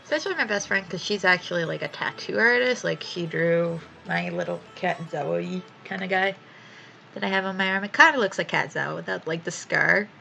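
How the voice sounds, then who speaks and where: A woman's voice: lowish voice, normal speed, gravelly, pushed and bright, poor audio. A young woman chatting casually while she draws on stream, swearing freely and laughing often as she tells stories. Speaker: art streamer.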